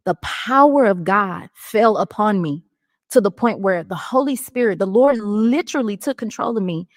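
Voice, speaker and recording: A woman's voice: medium pitch, normal speed, no room sound, studio quality, in a large hall. A woman in her thirties, a podcast guest, telling her personal story in casual speech and acting out the voices of the people in it. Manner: animated storytelling, acts out quoted voices. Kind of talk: casual testimony.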